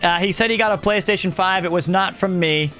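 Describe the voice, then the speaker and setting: Male streamer, high bright voice, loud and projecting, casual chat over faint music. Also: fairly quick. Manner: loud, projecting, animated talker.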